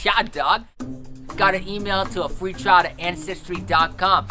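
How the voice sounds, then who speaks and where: A man's voice: sits high, a little slow, over music. A young man in a comedy sketch playing a white guy who puts on heavy street slang and swagger. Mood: proud.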